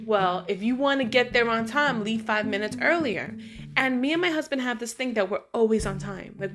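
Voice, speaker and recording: A woman with a fairly high voice chats through a casual vlog. She tells her stories in an animated way and keeps dropping fillers as she goes. Soft music plays faintly behind her. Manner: animated, chatty, many fillers like "like" and "you know". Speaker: vlogger. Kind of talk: casual storytelling monologue.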